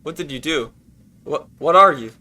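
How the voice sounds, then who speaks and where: A man's voice: a little high, animated, moderate pace, pushed and bright. A man streaming a game, chatting casually and ad-libbing jokes over it. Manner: jokey, ad-libbing, breaks into laughter. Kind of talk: casual gaming stream chat.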